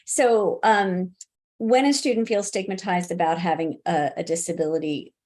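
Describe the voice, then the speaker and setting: This middle-aged woman's voice is on the low side, steady and darkish, at a normal speed. She's being interviewed as a college disability services expert and speaks casually, often restarting and using fillers, with easy laughter.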